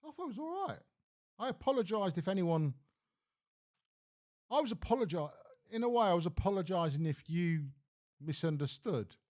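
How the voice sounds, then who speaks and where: Animated, blunt man ranting. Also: sits high, normal speed, pauses often. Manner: blunt, animated, swears freely. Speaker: live stream host. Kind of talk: casual opinion rant on a live stream.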